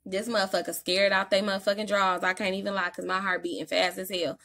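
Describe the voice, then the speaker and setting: A woman's voice: mid-range voice, level tone, fast, creaky, fairly bright tone. A woman giving a casual tarot reading, talking in an emphatic, slangy, profane way. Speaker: tarot reader.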